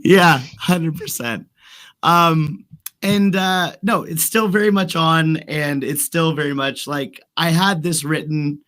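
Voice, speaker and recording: A man's voice: fairly high pitch, fairly even intonation, takes it slowly, fairly bright tone. A sick man with a cough, co-hosting a casual stream chat as a rapper, joking and mocking himself. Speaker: co-host and rapper.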